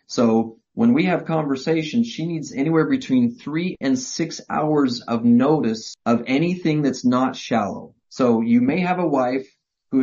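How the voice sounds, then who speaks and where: Middle-aged guy running a workshop, quick and energetic, muffled audio. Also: mid-range voice. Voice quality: energetic, quick, acts out dialogues. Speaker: marriage workshop presenter. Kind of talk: live workshop lecture. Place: workshop session. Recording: muffled lo-fi recording.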